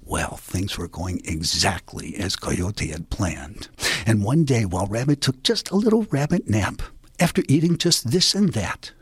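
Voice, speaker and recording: A man telling a folk tale in a playful, hushed way, often sinking to a whisper. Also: lowish voice, sing-song, unhurried, slightly rough, no echo. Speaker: storyteller.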